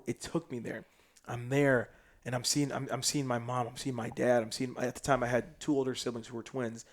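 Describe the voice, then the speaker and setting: A man from South Sudan, a podcast guest telling a story in casual chat. He is animated and slangy, and swings between loud bursts and hushed asides. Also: mid-range voice.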